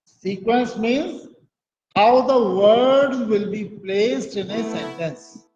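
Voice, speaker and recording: A man's voice: high-pitched, animated, takes it slowly, darkish tone, faint music behind. A middle-aged man with an Indian English accent giving a university lecture, explaining each point and checking with "right?". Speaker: guest lecturer, professor of English. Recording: dull, echoey lecture recording from a hall.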